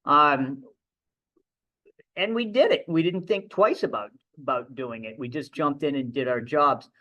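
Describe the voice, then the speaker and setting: A man's voice: on the high side, unhurried, sharp tone, dull audio. A middle-aged man, a ship captain, giving a conversational, anecdotal talk at a library event. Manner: conversational storytelling with restarts. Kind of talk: anecdotal lecture.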